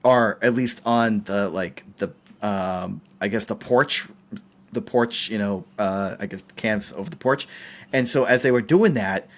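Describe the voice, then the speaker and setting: A man's voice: fairly low pitch, a little slow. A man from the United States, a podcast guest telling set stories in casual chat, laughing often. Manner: animated, laughs often, acts out quotes.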